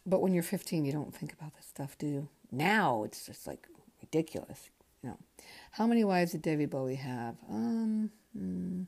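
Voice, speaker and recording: A tired woman in her fifties from Connecticut, with a low, creaky, slightly mellow voice, hosts a podcast of casual spoken memoir. Her telling rambles as she thinks aloud, and she swears freely throughout.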